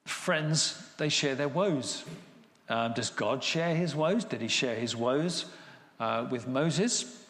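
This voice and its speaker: A man's voice: mid-range voice, lively intonation, takes it slowly, a bit bright. A man preaching a sermon, retelling scripture in casual paraphrase and acting out the voices. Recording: echoey hall with long reverb.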